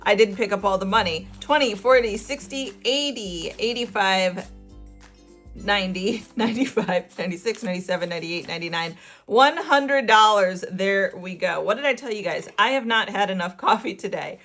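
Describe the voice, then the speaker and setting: A woman's voice: mid-range voice, normal speed, a bit bright, soft background music. A middle-aged woman hosting a budgeting channel, chatting casually and laughing as she counts money aloud. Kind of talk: casual chat while cash stuffing.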